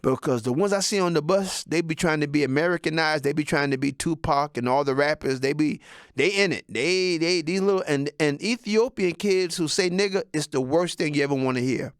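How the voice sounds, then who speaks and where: A man's voice: fairly high pitch, brisk, smooth, dry recording, studio quality. Profane, rambling comedian in his sixties. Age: 60s. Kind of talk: stand-up monologue.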